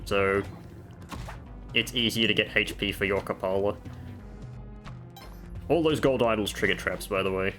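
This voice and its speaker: Gaming creator, male, deeper voice, easygoing commentary with self-deprecating asides over quiet game music. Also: a little slow, long pauses. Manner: chatty, explains game tips with offhand self-mocking jokes. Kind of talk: casual gameplay commentary. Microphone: desk microphone.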